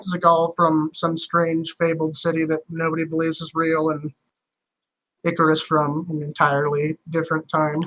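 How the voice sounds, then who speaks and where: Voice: medium pitch, monotone, normal speed, fairly bright tone, low-quality recording. A game master running a tabletop session in a loose, casual way, laughing often and full of fillers.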